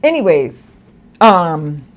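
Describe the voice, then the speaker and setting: A woman co-hosting a casual commentary chat, animated and laughing, with mock-outraged asides. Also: fairly low pitch, takes it slowly. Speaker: podcast co-host.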